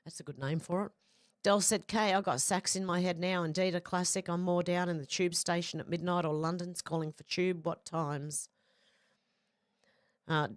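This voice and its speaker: Low-voiced woman reading out chat. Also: no echo, clean studio sound. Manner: reads comments, then adds brief casual reactions. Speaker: livestream host. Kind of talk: reading viewer chat aloud.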